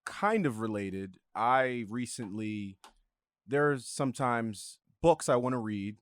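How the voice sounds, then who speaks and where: A man's voice: medium pitch, expressive, slow pace, clean tone. Easygoing male podcast guest. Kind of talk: casual chat.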